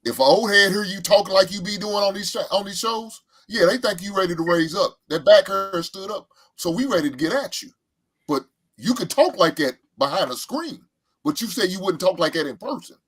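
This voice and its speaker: A man's voice: high-pitched, lively intonation, brisk, a bit bright, breathy edge. An older man on a podcast panel, confrontational and profane, mocking his opponent. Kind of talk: heated panel debate.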